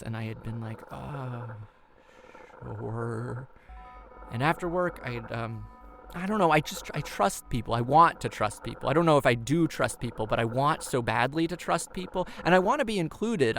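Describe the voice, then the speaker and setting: A man in his twenties telling a comic personal story, rambling and self-deprecating, with many restarts, his voice jumping high when he acts out his own panic. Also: fairly bright tone, slight background noise. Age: 20s.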